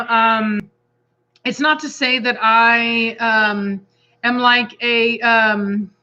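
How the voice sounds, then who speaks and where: A woman with a Texan accent tells a story in a rambling, animated way, acting out little quoted asides. Her voice sits a bit high and sounds bright and forceful. The recording is slightly dull. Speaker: co-host, dog breeder. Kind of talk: casual chat.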